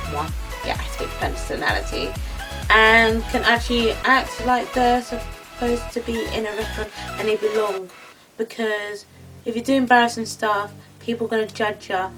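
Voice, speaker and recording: A young woman ranting in a casual vlog, exasperated and animated. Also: mid-range voice, distant mic, rough recording. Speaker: vlogger.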